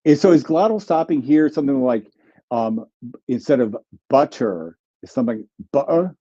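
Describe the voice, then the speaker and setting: Guy answering livestream questions, explains slowly with lots of ums, mellow dark voice, kinda muffled audio. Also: medium pitch, expressive. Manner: explanatory, many ums and restarts. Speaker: guest linguist author.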